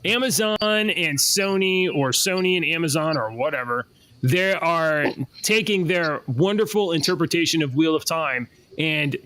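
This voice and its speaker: A man's voice: on the high side, a little slow, background noise. A man co-hosting a casual podcast chat, speaking in a blunt, firm and opinionated way. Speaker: podcast co-host.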